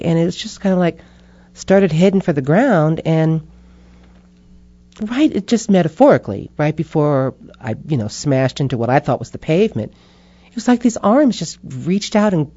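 A woman guest in an interview, telling stories in a reflective, animated way and acting out voices. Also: low voice, no room sound. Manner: expressive, animated, acts out inner voices. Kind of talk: reflective conversational storytelling. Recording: dull muffled interview audio.

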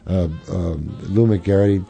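A man's voice: low voice, takes it slowly, vocal fry, warm tone. An older man, a jazz clarinetist, reminiscing in an interview, rambling with fillers and restarts.

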